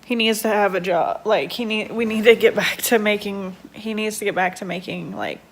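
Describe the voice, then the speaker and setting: A woman's voice: mid-range voice, steady tone, normal speed. A young woman at home, a stay-at-home mom chatting casually and rambling with lots of fillers in a day-in-the-life vlog.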